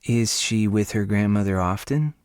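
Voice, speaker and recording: A man reading an audiobook voices a soft-spoken, shy young woman with a gentle delivery. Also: fairly low pitch, moderate pace, clear, resonant tone, no echo, clean studio sound, natural voice.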